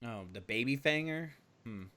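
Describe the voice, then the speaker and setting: A man's voice: medium pitch, animated, normal speed, pushed and bright, a little hiss or hum. A man playing a tabletop role-play game, talking in a casual, profane way. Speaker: player.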